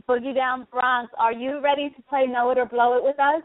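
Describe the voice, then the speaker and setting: A woman co-hosting a casual radio talk show, lively and playful, laughing often. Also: high voice, a little hiss or hum. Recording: dry, tinny phone-like sound.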